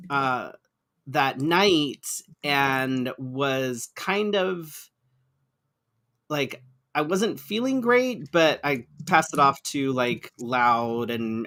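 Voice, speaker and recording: A man's voice: mid-range voice, bright, forceful tone. A man co-hosting a podcast, chatting casually with frequent restarts and casual swearing. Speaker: co-host. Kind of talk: casual chat.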